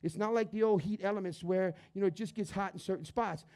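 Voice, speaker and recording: A man's voice: high voice, quick pace, a little mellow. A man hosting a cooking demonstration, upbeat and chatty, calling his audience "guys" and "baby". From New Orleans area, Louisiana. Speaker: chef hosting a cooking show.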